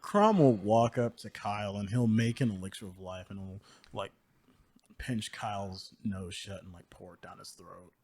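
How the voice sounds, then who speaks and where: A young player with a low voice who keeps his turns short and laid-back. He chats casually with his friends at the table. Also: moderate pace, a little mellow. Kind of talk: casual chat while gaming.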